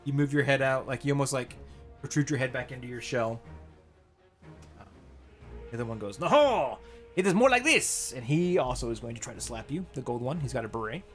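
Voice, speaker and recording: A man running a tabletop game, mid-pitched and animated, stumbling through his narration with bursts of laughter. Soft music plays behind him. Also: fairly quick, pauses often. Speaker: game master.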